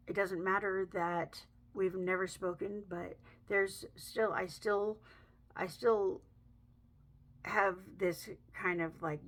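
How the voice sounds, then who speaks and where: A woman talking in a heartfelt personal vlog, emotional and halting, choked up, with soft pauses. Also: on the low side. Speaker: vlogger.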